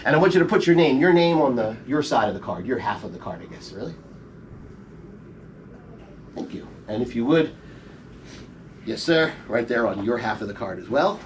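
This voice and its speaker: A middle-aged male magician delivers playful, teasing banter during a live comedy magic show, his mid-range voice lively in intonation at normal speed with frequent pauses. It was recorded from the audience in a theater show room on a front-row audience member's camera, so his stage voice sounds distant over faint room noise.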